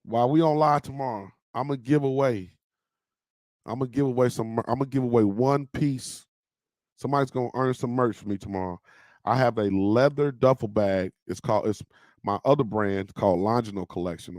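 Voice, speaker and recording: A man's voice: lowish voice, a little mellow, no echo, clean studio sound. A man hosting a casual livestream, chatting loosely with his viewers and peppering his talk with "man" and "y'all". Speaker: podcast host on a livestream.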